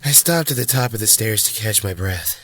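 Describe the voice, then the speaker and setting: A man tells a horror story in the first person, calm and steady. His voice sits very low, and the recording is dry and close, with no room sound. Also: fairly quick, dry recording. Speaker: narrator.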